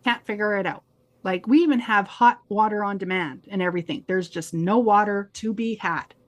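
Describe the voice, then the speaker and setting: A woman with a medium-pitched voice speaks at a normal speed. She's co-hosting a podcast and telling a story in casual chat, animatedly acting out the voices of the people in it.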